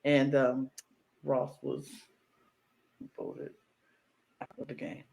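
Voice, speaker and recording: A woman's voice: extremely low pitch, drawn-out words, vocal fry, slight background noise. A woman co-hosting a casual reality-show podcast, retelling scenes and acting out the people in them. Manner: animated storyteller acting out quotes in put-on voices. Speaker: podcast co-host. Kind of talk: casual recap chat.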